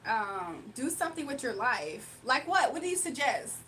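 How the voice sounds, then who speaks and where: Hosting a livestream, this young Virginian woman reads out viewers' chat messages playfully and sassily, breaking into frequent laughter. She speaks at a normal pace in a slightly high, pushed, bright voice with big pitch swings, over faint background noise.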